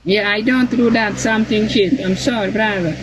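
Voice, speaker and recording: Streamer, male, from South Africa, high voice, halting broken English, repeats himself. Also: steady tone, background noise. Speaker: livestream host. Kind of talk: casual live-stream chat.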